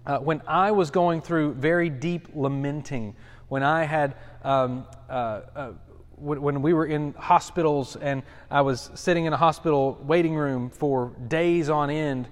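A man's voice: fairly high pitch, fairly even intonation, a little slow. A man in his thirties, a pastor teaching a Bible study in a conversational, self-deprecating way with frequent restarts. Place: church study. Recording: long hall reverb.

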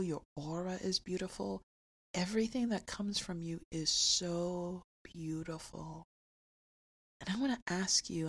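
A woman hosting an inspirational podcast, talking emphatically and repeating phrases slowly for effect. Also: lowish voice, slightly rough. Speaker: podcast host.

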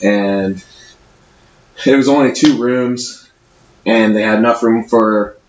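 A man's voice: on the low side, takes it slowly, slight background noise. A man guest on a casual podcast, laid-back and laughing often as he tells stories. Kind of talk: casual chat, storytelling. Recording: echoey room, dull lo-fi sound.

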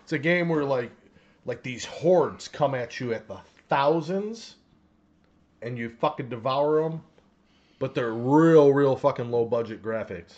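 A man's voice: mid-range voice, unhurried, darkish tone, lo-fi sound. A man co-hosting a casual podcast, rambling and swearing with lots of laughter. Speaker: podcast co-host. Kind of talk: casual banter.

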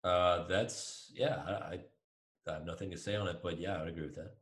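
A man's voice: sits low, steady tone, brisk, a bit bright. A man co-hosting a podcast in casual chat, teasing and cracking jokes. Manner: teasing, wisecracking. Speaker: podcast co-host.

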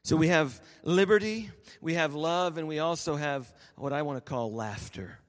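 A man, a pastor preaching a sermon and telling lively stories that he laughs through. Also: a little high, normal speed. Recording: reverberant church hall.

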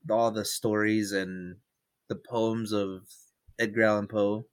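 Hesitant low-voiced man podcaster. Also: level tone, takes it slowly, no room sound, clean studio sound. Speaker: podcast co-host. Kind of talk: casual chat.

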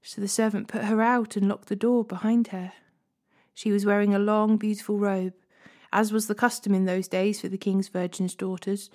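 A woman reading a Bible passage aloud as a steady storyteller, hosting a daily reading series. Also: medium pitch, moderate pace. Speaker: Bible reader.

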